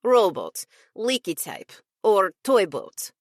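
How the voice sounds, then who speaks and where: A woman's voice: mid-range voice, big pitch swings, slow, dry recording, studio quality. A woman narrator voicing a wry young female assistant with a Russian accent who drops her articles in clipped phrases. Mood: teasing.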